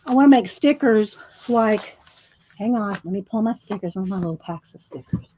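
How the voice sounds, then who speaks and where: A woman's voice: mid-range voice, animated, normal speed, dark tone, slight background noise, low-quality recording. A woman chatting casually and rambling while she flips through her artwork, a little out of breath. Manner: chatty, rambling, says y'all. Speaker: artist vlogger.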